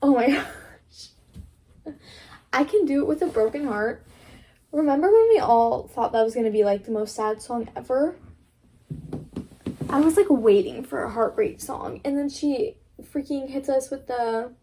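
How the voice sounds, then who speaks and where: A woman's voice: high-pitched, moderate pace, mellow, a little hiss or hum. A young woman vlogger in casual chat who keeps quoting herself and fills her talk with "like". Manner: chatty, quotes herself often, many "like" fillers.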